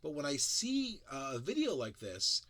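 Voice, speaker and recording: Animated, bright-voiced male tech reviewer. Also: a little high, measured pace, no room sound. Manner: animated, emphatic, sarcastic, frequent restarts. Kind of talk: casual critical commentary.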